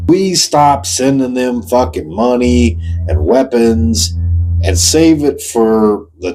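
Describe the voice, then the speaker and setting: A man ranting at an unhurried, deliberate pace, blunt and sarcastic, with plenty of swearing. He aims pointed questions straight at the person he is addressing, in an average-pitched voice. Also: a little mellow, poor audio. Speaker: host. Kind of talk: ranting monologue.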